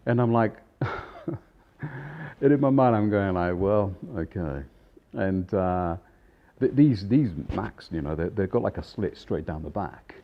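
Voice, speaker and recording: A man in his fifties, a chef, telling a casual anecdote in an animated way, acting out voices and laughing often. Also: on the low side, unhurried, muffled recording. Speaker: chef and storyteller.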